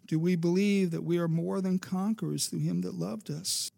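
A man's voice: high-pitched, steady tone, moderate pace, vocal fry, few pauses, mellow. A man preaching a sermon, emphatic and asking his listeners rhetorical questions, building to fervent peaks. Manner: emphatic, rising to fervent crescendos.

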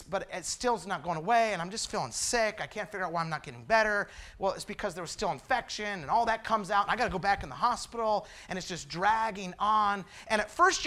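A man preaching a testimony sermon, quiet and confessional at times, building to loud, fervent preaching. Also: sits high.

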